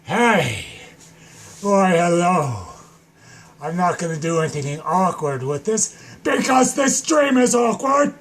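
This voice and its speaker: A young man goofing around alone on a live stream, rambling slowly and breaking into sudden shouts. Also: sits high, animated. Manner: silly, rambling, slow and drawn out with sudden shouts. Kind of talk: goofy solo live stream.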